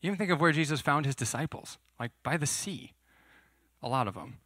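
Bright-voiced man teaching a sermon. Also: on the high side, expressive, fairly quick, no room sound, studio quality. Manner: conversational, asks the audience questions. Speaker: pastor.

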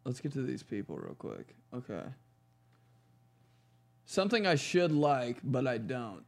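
Lively laughing man, stuffy nose. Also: mid-range voice, unhurried, vocal fry. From Indiana. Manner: joking, laughs often. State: congested, snotty nose. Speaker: podcast host. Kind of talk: casual chat.

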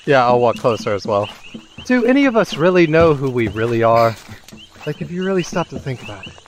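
A man's voice: mid-range voice, very animated, brisk, a little hiss or hum. A man playing a tabletop character in a playful, vain manner. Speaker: player.

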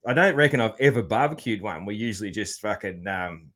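A man's voice: lowish voice, animated, fairly quick, a bit bright. A man with an Australian accent hosting a casual podcast chat, laid-back and loose-tongued, swearing casually and padding his talk with fillers. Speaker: podcast host.

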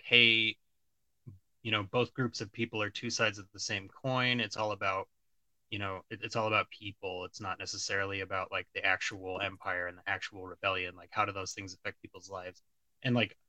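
A man's voice: on the low side, sharp tone, dry recording, rough recording. A man co-hosting a casual podcast, rambling and opinionated, with many fillers and restarts. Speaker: podcast co-host. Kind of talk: casual pop-culture discussion.

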